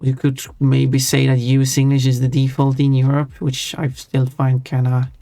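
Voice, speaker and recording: A man talks on a livestream in a level, even voice that barely rises or falls. He rambles and thinks aloud, correcting himself as he goes. The dry, close sound sits over faint background music. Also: medium pitch, moderate pace, vocal fry, no room sound. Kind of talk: casual chat while drawing on stream.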